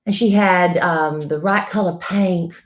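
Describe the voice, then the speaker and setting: Low-voiced Southern woman chatting. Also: steady tone, a little slow. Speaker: co-host. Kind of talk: casual live-stream chat.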